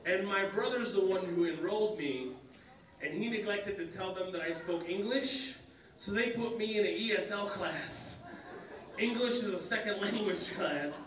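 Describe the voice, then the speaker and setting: High-voiced male comedian in an echoey hall. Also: normal speed. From Kuwait. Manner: animated, jumps into high-pitched character voices. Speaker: stand-up comedian. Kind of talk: stand-up comedy set. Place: conference center banquet hall. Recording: roomy hall, distant mic, faint noise.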